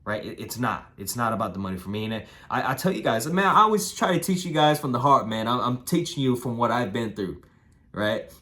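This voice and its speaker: A young man with a hoarse, nasal voice giving casual advice on raising puppies, repeating himself and tagging lines with "right?" and "man". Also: mid-range voice, expressive, fairly quick, bright, forceful tone. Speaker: dog breeder giving advice. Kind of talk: casual instructional vlog.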